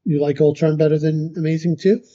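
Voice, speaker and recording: Wry man podcaster with a dark voice. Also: a little high, steady tone, brisk, dull audio. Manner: blunt, wry, steers the discussion. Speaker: podcast co-host. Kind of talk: casual chat.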